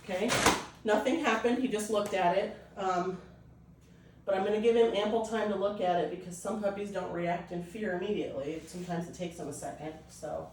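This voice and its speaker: A woman breeder explaining a puppy temperament test, switching between high coaxing puppy talk and calm explanation. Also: a little fast, distant mic, a little hiss or hum. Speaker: dog breeder. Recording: echoey room, voice off-mic.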